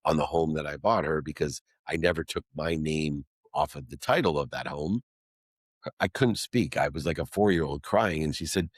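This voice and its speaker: A middle-aged man with a very low voice tells his story with emphasis, building rhythmic lists of words that start with the same sound. The recording is close and dry. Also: normal speed, slightly rough, dry recording. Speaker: guest. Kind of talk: personal storytelling in an interview.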